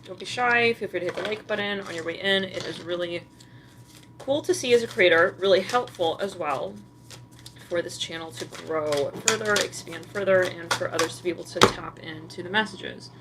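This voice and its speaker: A woman's voice: on the low side, moderate pace, a bit bright, slight background noise. A woman giving a casual tarot reading, chatty and self-mocking, with her mic set across the room. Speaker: tarot card reader. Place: room at home with a cluttered desk. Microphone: mic placed across the room.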